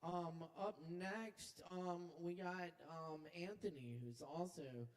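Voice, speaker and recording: Slow laid-back emcee. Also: male voice, high voice. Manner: laid-back, drawling, filler-heavy. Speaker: open mic host. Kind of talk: casual emcee announcements. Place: small bar stage.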